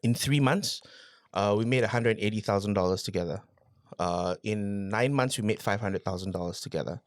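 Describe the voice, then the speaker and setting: A man appears as a guest on a podcast, sharing the story of his business in a casual, lively way, often repeating himself and posing rhetorical questions. He speaks on the lower side at a moderate pace. There's no echo, and the sound is studio grade.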